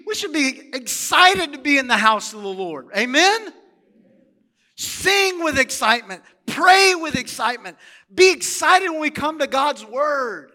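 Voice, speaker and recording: A middle-aged male pastor preaching a sermon in a church, animated and asking the congregation questions. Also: very high-pitched, big-room sound.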